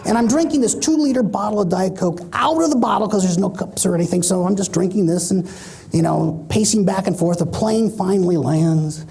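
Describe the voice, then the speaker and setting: A middle-aged man giving a keynote speech on stage, an animated storyteller who acts out the voices he quotes. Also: sits high, brisk, vocal fry, breathy edge. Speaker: motivational speaker.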